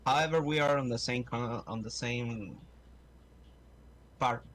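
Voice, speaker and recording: Halting man. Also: mid-range voice, fairly bright tone. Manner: halting, searches for words. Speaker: guest on stream. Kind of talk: casual chat.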